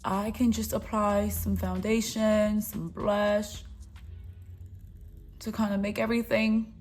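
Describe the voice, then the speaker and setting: A young woman chats her way through a makeup tutorial at an unhurried pace, her voice sitting at a middle pitch. She sounds playful and encouraging toward her viewers, with faint music playing underneath. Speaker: beauty vlogger. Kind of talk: casual makeup tutorial chat.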